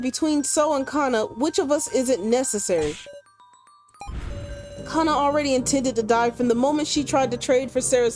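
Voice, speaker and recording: A woman's voice: high voice, a little mellow, close to an everyday voice. A woman reading the lines of a timid, resigned girl who refers to herself by name in a game. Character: timid self-sacrificing girl.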